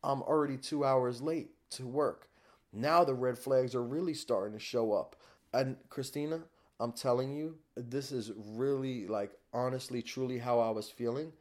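A man, a podcast guest, telling a hard personal story in a candid, raw way. His voice sits at a mid pitch, and he swears without holding back.

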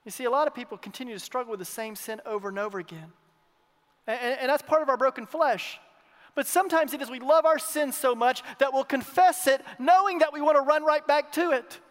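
High-voiced guy preaching, loud then hushed, big echoey church. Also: fast talker. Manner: emphatic, swings between loud and hushed, repeats phrases. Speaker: pastor. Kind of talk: sermon. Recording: long reverb of a large hall.

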